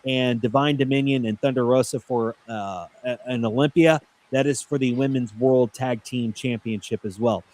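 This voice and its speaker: A man's voice: medium pitch, steady tone, moderate pace, darkish tone. A man hosting a casual podcast, running down lists of matches with frequent "uh" fillers. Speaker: podcast host. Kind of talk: casual wrestling podcast chat.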